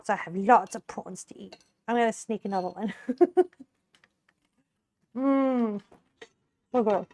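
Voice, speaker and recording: A woman's voice: medium pitch, measured pace, pauses often, a little mellow, no room sound. A young woman chatting casually with her live-stream viewers as she cooks, giggling often between chatty, rambling remarks. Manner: chatty, giggly, laughs often, many fillers. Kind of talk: casual live-stream chat while cooking.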